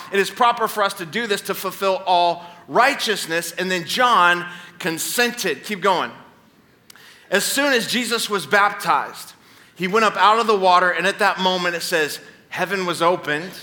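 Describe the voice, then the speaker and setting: A man's voice: high-pitched, bright, forceful tone. A man in his thirties preaching a Sunday sermon in a church, telling stories with playful asides to the congregation. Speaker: pastor. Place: church stage before a congregation.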